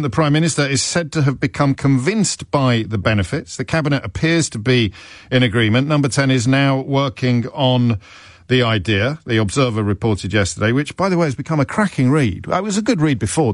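A man's voice: lowish voice, no room sound, studio quality. A man hosting a radio phone-in, talking in a chatty, wry way with self-amused asides. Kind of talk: talk radio monologue.

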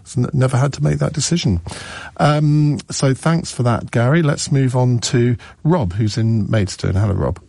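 A man's voice: mid-range voice, normal speed, gravelly, warm tone, no echo. A man hosting a radio phone-in, musing aloud and chatting with callers, often restarting his sentences. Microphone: studio microphone.

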